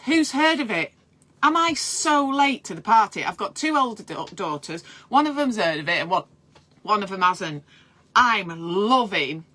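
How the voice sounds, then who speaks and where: Midwife host, casual live chat, bright forward voice, excitable and laughing at herself. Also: female voice, medium pitch, breathy edge. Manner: chatty, excitable, self-mocking.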